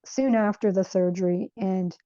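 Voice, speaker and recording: A woman recounting a spiritual experience from her childhood in an earnest, reflective way, often pausing to search for words. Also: medium pitch, steady tone, warm tone, no echo, highs cut off. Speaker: guest sharing a spiritual experience. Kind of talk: personal storytelling.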